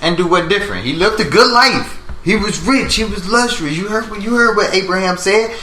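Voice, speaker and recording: A man teaching a Bible class, asking students questions, repeating their answers and slowing down to stress each point. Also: high-pitched, expressive, pushed and bright. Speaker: teacher leading a Bible study. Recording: echoey room with faint noise.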